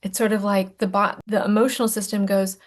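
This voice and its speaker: A woman talks a little fast, with a medium pitch and little pitch movement, while coaching a recorded emotions lesson. Playful and self-mocking, she now and then drops into a soft whisper to emphasize things.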